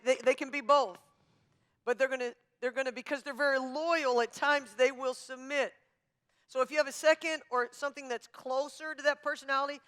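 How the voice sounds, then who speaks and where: A woman pastor teaching a marriage class in an emphatic, forceful, coach-like manner. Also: sits high, clean tone. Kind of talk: sermon-style teaching.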